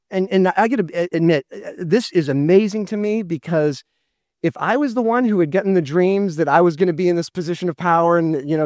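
A man's voice: a little high, dry recording, clean studio sound. A man preaching a sermon as pastor, earnest and full of rhetorical questions.

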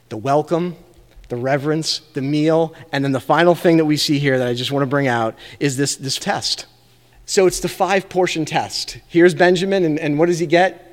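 Earnest pastor preaching in a reverberant church. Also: male voice, on the high side, lively intonation, normal speed. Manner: earnest, conversational preaching with rhetorical questions. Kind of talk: sermon. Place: church sanctuary.

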